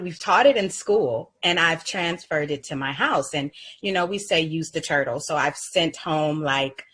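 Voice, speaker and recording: A woman, a first grade teacher, calmly explaining classroom calming routines as an interview guest. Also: sits low, husky, rough recording. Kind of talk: casual interview advice.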